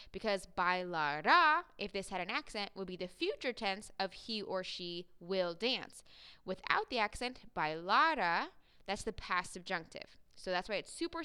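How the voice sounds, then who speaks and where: A woman teaching a recorded Spanish grammar lesson, explaining step by step and slowing down to drill each word form. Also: mid-range voice, fairly bright tone. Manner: clear, methodical explaining with slow drilled Spanish words.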